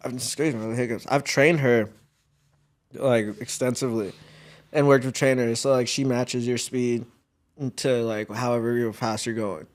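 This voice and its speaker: A young man at an everyday mid pitch, talking in a relaxed, slang-filled way. He tells his stories loosely and breaks into laughs as he goes, like a guest in a casual interview. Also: moderate pace. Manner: laid-back slang-heavy storytelling with laughs. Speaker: guest athlete. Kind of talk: casual chat.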